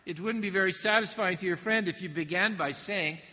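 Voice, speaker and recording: Man preaching a sermon, bright tone, reflective with little jokes, long reverb. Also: high voice, brisk. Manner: reflective, with gentle asides and laughs.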